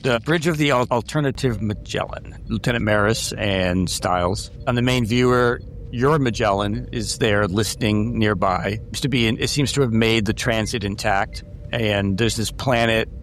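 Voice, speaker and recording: A man's voice: on the low side, normal speed, slight background noise. Man narrating as game master. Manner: descriptive, with frequent restarts.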